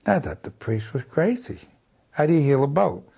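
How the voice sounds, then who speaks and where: A man's voice: fairly high pitch, big pitch swings, a little fast, creaky, warm tone, breathy edge. A man giving an earnest faith testimony as a healing minister, often adding "see?" to his sentences. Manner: acts out remembered dialogue with raised voice. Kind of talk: storytelling testimony.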